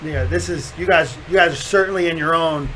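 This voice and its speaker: A man hosting a podcast, telling a story in casual chat, animated and profane, often laughing as he talks. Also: a little high, brisk, a little hiss or hum, rough recording. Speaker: podcast host.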